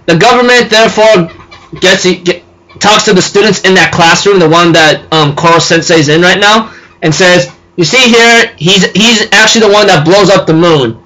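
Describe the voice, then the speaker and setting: A man's voice: sits high, normal speed, bright, forceful tone, low-quality recording. A man casually recapping an anime episode, rambling with lots of fillers and giggling as he talks. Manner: rambling, full of "you know" and "and so forth"; giggly, laughs while talking. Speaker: anime reviewer.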